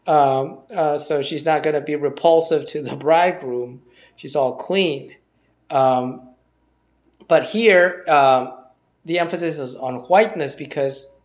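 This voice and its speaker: A man teaching a Bible passage informally, thinking aloud with many fillers and restarts. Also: on the high side.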